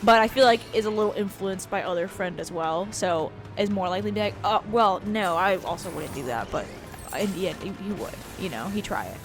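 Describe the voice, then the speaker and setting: A woman's voice: medium pitch, animated, fast talker. Chatty woman with faint game music behind. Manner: rambling storyteller, heavy use of "like". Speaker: let's play co-host. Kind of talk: casual chat over gameplay.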